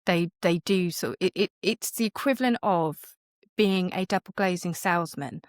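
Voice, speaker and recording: A woman's voice: lowish voice, normal speed, no room sound, studio quality. A woman co-hosting a podcast, telling stories in casual chat, laughing often and acting out quotes. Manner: lively storyteller, laughs often, acts out quotes. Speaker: podcast co-host.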